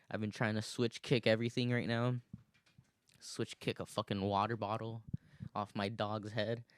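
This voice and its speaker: Low-voiced rambling young guy, dry sound. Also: little pitch movement, unhurried, smooth, no room sound. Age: 20s. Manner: rambling, swears a lot, laughs often. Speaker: podcast host. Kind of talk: casual solo monologue.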